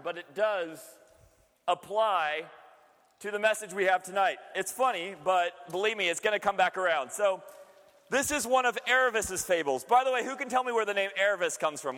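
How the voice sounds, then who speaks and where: A man's voice: high voice, sharp tone. A man preaching a casual, joking sermon to a group, chatty and often laughing. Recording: long hall reverb.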